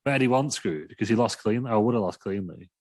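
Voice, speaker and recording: A man's voice: on the low side, quick pace, darkish tone. A man co-hosting a casual wrestling podcast, blunt, sweary and teasing. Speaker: podcast co-host. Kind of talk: casual wrestling review chat.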